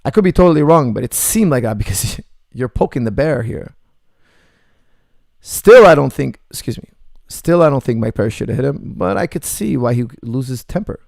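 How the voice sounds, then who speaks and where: A man's voice: mid-range voice, animated, normal speed, gravelly, darkish tone, no room sound, studio quality. A male martial arts coach hosting a casual livestream Q&A, reading out chat messages and answering them bluntly with jokes and frequent laughter. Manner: blunt, joking, laughs often.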